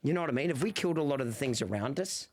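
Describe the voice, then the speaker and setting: A man's voice: medium pitch, animated, rapid-fire, a little mellow. Breathless young man streaming a game. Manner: rambling, joking, talks to chat. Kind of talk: casual gaming stream chat.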